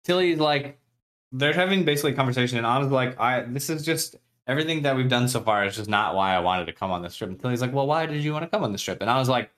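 A man's voice: mid-range voice, fast talker, a bit bright. A man co-hosting a podcast, recapping a book chapter in a casual, chatty way, often laughing and acting out characters' lines. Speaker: podcast co-host.

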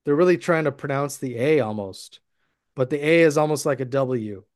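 A man's voice: medium pitch, moderate pace, a little mellow, no room sound, studio quality. A man from Minnesota in casual podcast chat, patiently explaining things step by step. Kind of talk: casual movie-discussion chat.

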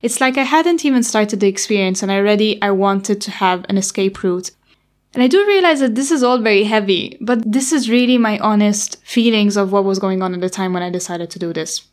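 A woman's voice: medium pitch, a little fast. Young woman telling a candid personal story. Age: young adult. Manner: candid, anxious retelling of past worries.

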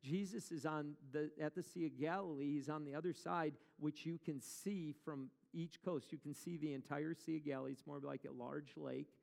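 A man's voice: a little high, steady tone, normal speed, vocal fry, few pauses, darkish tone, in a large hall. A male pastor preaching a sermon in a conversational way, asking the congregation questions as he retells a story.

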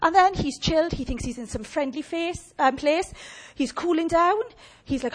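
A woman preaching a lively, humorous sermon and chatting with her audience. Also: high voice, moderate pace, few pauses.

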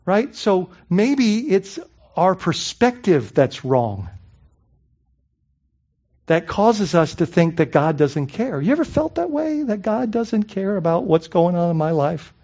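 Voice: mid-range voice, sing-song, takes it slowly, warm tone, lo-fi sound. A pastor preaching a sermon in a conversational way, asking the congregation rhetorical questions and often adding "I mean" and "right?".

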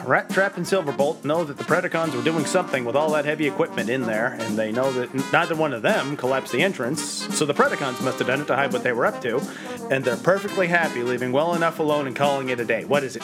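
Male co-host, mid-pitched, dry sarcastic recap with quick impressions, light music bed. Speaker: podcast co-host. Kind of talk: casual recap chat.

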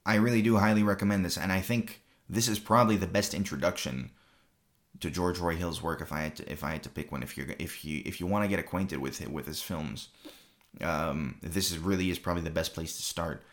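A man's voice: deep voice, fairly quick. A man hosting a film review show, talking casually and rambling, with many fillers and repeated phrases.

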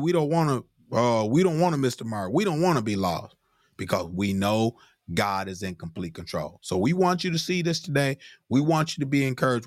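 A man's voice: no echo, clean studio sound. A man preaching a sermon with fervor, calling out "glory" and asking "hmm?" between scripture readings. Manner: fervent, repeats "glory be to God" and "hmm?", pitch climbs when stirred.

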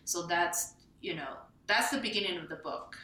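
Woman from Taiwan, bright echoey voice. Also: on the low side, normal speed. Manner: animated, laughing, tags lines with "right?". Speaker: memoir author, guest. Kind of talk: storytelling in an interview.

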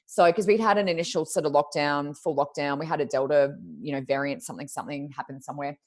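Low-voiced woman, lively storyteller. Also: quick pace. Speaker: podcast co-host, reader. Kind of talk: casual chat.

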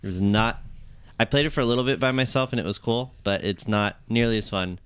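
A man guest on a podcast who streams video games. He talks in a fairly low voice with an easygoing, casual manner. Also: fairly quick, a bit bright, smooth. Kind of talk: casual chat.

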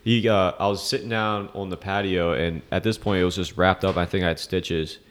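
A man's voice: low voice, fairly even intonation, a little fast. A man hosting a casual family podcast, easygoing, asking the others questions. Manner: easygoing, asks questions of the guests. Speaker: podcast host.

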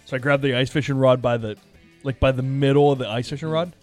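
Man, podcast host, relaxed storyteller, casual and profane, faint music in the background. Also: medium pitch, fast talker. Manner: laid-back, swears freely, laughs while telling stories.

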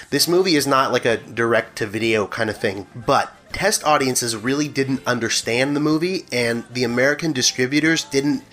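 A man's voice: mid-range voice, fairly bright tone. A man co-hosting a casual film-review podcast, bantering in a joking, upbeat way. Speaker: podcast co-host.

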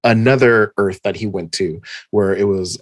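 A man's voice: lowish voice, normal speed, dry recording, studio quality. A man co-hosting a podcast who recaps a comic in casual chat. He is chatty, laughs often and sometimes loses track of names.

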